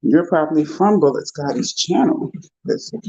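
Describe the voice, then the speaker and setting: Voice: mid-range voice, big pitch swings, moderate pace, mellow, slightly rough, no echo. A host chatting casually with livestream viewers, talking to the viewers and to pets along the way. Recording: dull lo-fi sound.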